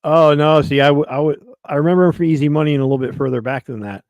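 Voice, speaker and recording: A man's voice: fairly high pitch, fairly even intonation, fast, darkish tone, no room sound. Man rattling off movie trivia. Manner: swears freely, reels off film trivia. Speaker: podcast co-host. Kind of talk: casual chat.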